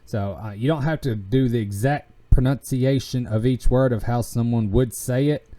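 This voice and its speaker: A man's voice: medium pitch, fairly even intonation, warm tone. A man with a Southern US country accent talking in a casual, rambling way, full of fillers and restarts. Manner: halting, many fillers and restarts. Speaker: podcast host.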